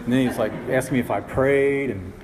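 A man of middle pitch tells a wry, self-deprecating story to a group, and he rambles, doubles back and leans on "you know". His voice rings with the long reverb of a large hall. A faint hum of room noise sits underneath. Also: moderate pace. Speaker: speaker sharing his recovery story. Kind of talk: humorous storytelling talk.

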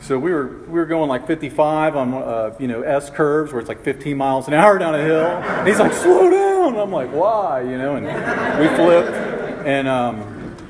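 A man's voice: fairly high pitch, moderate pace. A man in his fifties tells a personal story to a group, rambling and poking fun at himself, with "you know" in nearly every line. His voice carries a long reverb from a meeting hall, and a faint room hum sits underneath. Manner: rambling, self-mocking, heavy on "you know" fillers. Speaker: speaker sharing his story.

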